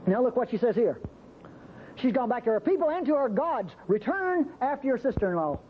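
Animated male preacher, muffled old tape. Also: a little fast. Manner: animated, acts out biblical speakers with pitch jumps. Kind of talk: sermon. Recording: muffled, faintly noisy old recording.

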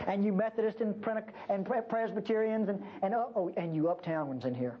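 A woman's voice: fairly quick, few pauses, a little hiss or hum. An older woman preaching a sermon in a church, emphatic, folksy and teasing. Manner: emphatic, folksy and teasing, with lively pitch swings. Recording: dull lo-fi recording.

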